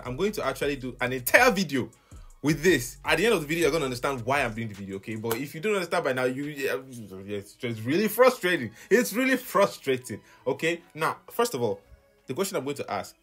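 A man's voice: mid-range voice, pushed and bright, breathy edge. A young adult man and music minister hosting his own vlog, animatedly lamenting with exasperated laughter. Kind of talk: casual vlog reaction.

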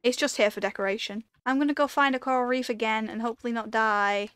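A woman's voice: fairly high pitch, fairly even intonation, fast talker, a bit bright, smooth, no echo. A woman giving casual commentary while playing a video game, talking to herself and breaking into panicked repeated pleas. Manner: chatty, rambling storytelling with fillers. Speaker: gaming video creator.

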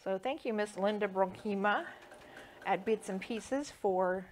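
A woman's voice: medium pitch, a little slow, a little hiss or hum. A woman quilter chatting casually through a sewing demonstration, rambling with lots of fillers.

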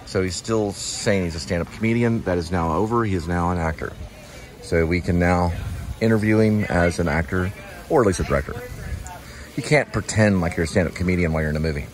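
A man's voice: sits low, fairly quick. A man hosting a vlog, chatting casually and rambling with joking asides while he samples food in a large store. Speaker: vlog host.

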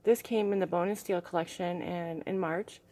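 A young woman vlogging casually as she shows her crystals and artwork, gushing and soft-spoken and often dropping to a hushed tone. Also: on the low side, steady tone, moderate pace, a little hiss or hum. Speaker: vlogger showing crystals and art. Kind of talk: casual show-and-tell vlog.

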